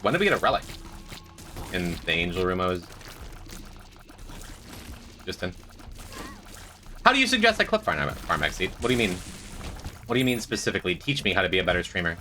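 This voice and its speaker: Over slight background noise, a young man streams gameplay and banters with his chat, reading messages and answering while he plays. His voice sits low and sounds sharp and expressive, brisk but often pausing.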